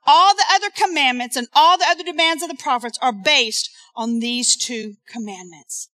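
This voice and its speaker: A woman's voice: high-pitched, moderate pace, bright, forceful tone. A woman preaching a sermon in church, talking with the congregation and asking them to repeat lines after her. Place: church sanctuary.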